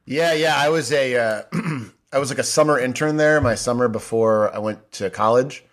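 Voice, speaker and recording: A man in his forties, a podcast guest, telling a long, animated story in a casual, rambling way full of "like" fillers. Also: mid-range voice, moderate pace.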